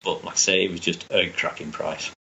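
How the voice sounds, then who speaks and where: A man's voice: low voice, little pitch movement, brisk, gravelly, bright, forceful tone, muffled recording, slight background noise. A man chatting enthusiastically as a guest, rambling with restarts. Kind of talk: casual chat.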